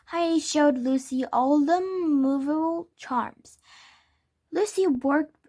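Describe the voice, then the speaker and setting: A woman reading a children's storybook aloud, careful and steady, now and then correcting a word. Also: high-pitched, slow pace. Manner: careful, with small self-corrections. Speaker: storybook reader. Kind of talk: children's book read-aloud.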